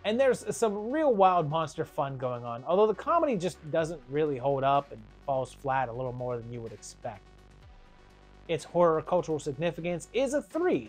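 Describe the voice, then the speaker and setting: A reviewer narrating a scripted video about horror films, with a brisk and wry delivery. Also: medium pitch.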